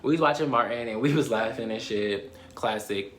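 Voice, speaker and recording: Animated young man with Baltimore accent. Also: mid-range voice, normal speed, slight background noise. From Baltimore, USA. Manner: animated, swears a lot, laughs often, addresses viewers as "y'all". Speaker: storytime vlogger. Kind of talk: casual storytelling to camera.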